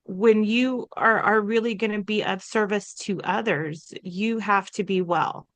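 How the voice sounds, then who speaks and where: A woman chats on a podcast, spinning a personal story with lively, animated delivery and acting out what people said. Her voice sits at an ordinary middle pitch, and the sound is close and dry with no room echo. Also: a little slow. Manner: chatty and animated, quotes herself and others in lively voices. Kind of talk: casual conversational storytelling.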